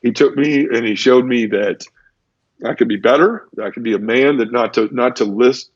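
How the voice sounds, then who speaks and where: A man's voice: mid-range voice, moderate pace. A man telling the story of his conversion in an earnest, emotional testimony, often repeating words as he goes. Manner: earnest, repeats words, acts out quoted voices. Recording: dull lo-fi audio.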